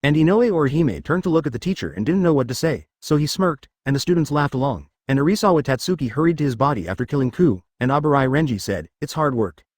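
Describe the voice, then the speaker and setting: A man reading a web novel aloud as an audiobook narrator, every line in the same steady narrating voice. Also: on the high side, fast, hardly any pauses, no echo, studio quality.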